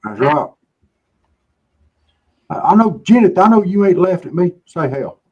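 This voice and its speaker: A man's voice: high voice, sing-song, normal speed, a little mellow, dull audio. A man hosting a casual chat show, joking in a folksy, drawling way. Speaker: show host.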